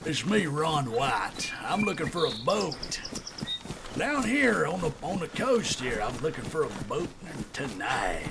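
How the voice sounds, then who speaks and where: Brief: man impersonating a laid-back drawling comic, slow delivery, rough edge. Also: on the high side, sing-song, heavy background noise, pitched below the performer's own voice, exaggerated voice. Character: slow-drawling laid-back middle-aged male comedian.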